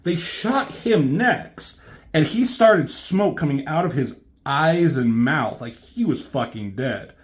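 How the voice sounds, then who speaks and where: A man reviewing a comic in a casual, rambling way, swearing often and filling pauses with ums. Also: on the high side, lively intonation. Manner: rambling, swears a lot, many fillers. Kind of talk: casual chat.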